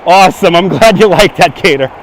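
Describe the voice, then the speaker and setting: A man with a Brooklyn accent hosting a walking city livestream, loud and joking, laughing often as he talks to his chat. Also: sits high, brisk, a little hiss or hum. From Brooklyn, New York. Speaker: livestream host. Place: city streets outdoors. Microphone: handheld phone on gimbal.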